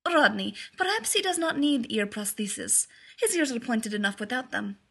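A woman voicing a calm, thoughtful male scientist who speaks formally, without contractions, in a storybook reading. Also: fairly high pitch, moderate pace, vocal fry, husky, exaggerated voice. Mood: gentle.

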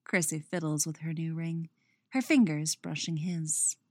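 A woman reading her own romance story aloud, expressive in the narration and chatty and self-mocking in her afterword. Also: sits low, measured pace, no room sound, clean studio sound. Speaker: fan fiction reader and writer.

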